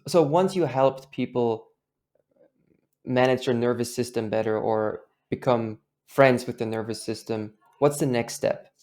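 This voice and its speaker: Friendly man podcast host, mid pitch. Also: a little slow, a little mellow. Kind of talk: conversational interview.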